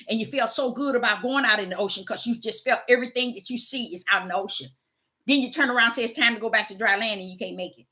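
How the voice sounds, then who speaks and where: A middle-aged woman preaching a sermon, moving from hushed storytelling to loud, emphatic exhortation. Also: mid-range voice.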